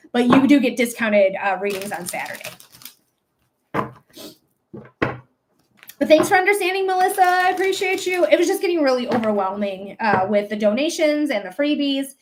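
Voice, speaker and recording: High-voiced woman doing a psychic livestream. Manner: affectionate toward viewers, calls them my love; rambling, with many fillers and restarts. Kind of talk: casual livestream chat and psychic reading.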